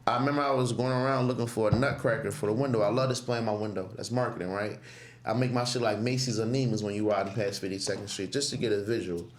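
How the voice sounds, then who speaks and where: A man in his 20s, a clothing brand owner appearing as a podcast guest, tells casual, profane stories in an animated way, acting out what he said back then. His voice is on the low side and fast, with slight background noise and a roomy echo.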